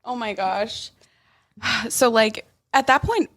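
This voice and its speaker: A woman's voice: on the high side, slow pace, a bit bright, no echo, studio quality. A young woman co-hosting a casual podcast, retelling events in a loose way full of fillers. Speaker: podcast co-host. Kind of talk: casual chat.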